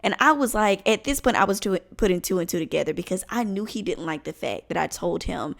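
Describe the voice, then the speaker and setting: A woman in her twenties telling a storytime on her vlog, animated and comic, with plenty of profanity. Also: lowish voice, a little fast, gravelly, hardly any pauses. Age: 20s. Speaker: vlogger.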